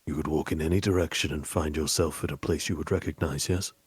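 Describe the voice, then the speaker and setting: A man voicing a courteous, old-fashioned ghost gentleman who speaks in a formal, measured way. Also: a bass voice, steady tone, slightly rough, dry recording, full character voice. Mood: calm.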